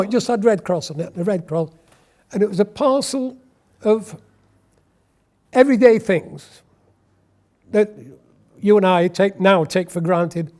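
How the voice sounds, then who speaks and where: A man's voice: sits high, a little mellow. A man, telling a wry, anecdotal war story in an oral history interview. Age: 80s.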